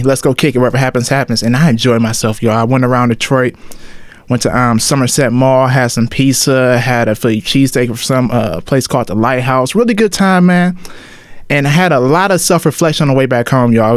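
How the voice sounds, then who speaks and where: A man's voice: medium pitch, dry recording. A man in his twenties talking casually on his solo podcast, loose and slangy, often calling out to listeners as y'all. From Ohio. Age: 20s. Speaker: podcast host.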